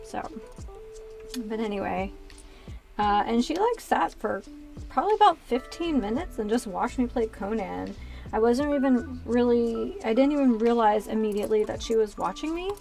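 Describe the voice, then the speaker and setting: A woman's voice: fairly high pitch, animated, moderate pace, creaky, a little mellow, soft background music. A woman in her thirties chatting casually while building Lego on a stream, rambling through many asides from a small converted closet. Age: 30s.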